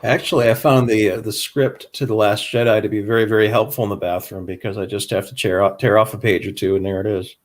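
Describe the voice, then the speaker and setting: A man's voice: lowish voice, fairly even intonation, fast talker, hardly any pauses. A man on a casual livestream chat who makes dad-joke puns.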